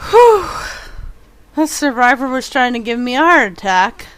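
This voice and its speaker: A woman's voice: fairly high pitch, animated, fairly quick, bright, forceful tone, clean tone, dry recording. A young woman from Canada, chatting casually and giggling as she streams a game and talks to her viewers. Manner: chatty, giggly, reacts to chat. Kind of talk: casual chat with live viewers.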